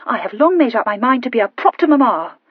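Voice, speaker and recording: Woman reading a prim preachy young lady, lively high pitch, bit husky, dry dull sound. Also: quick pace, no room sound. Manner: prim, intoning and high-minded.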